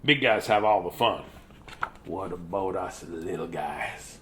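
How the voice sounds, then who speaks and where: Brief: a man playing a big gentle storybook elephant, deep, slow and fretful. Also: slight background noise. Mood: worried.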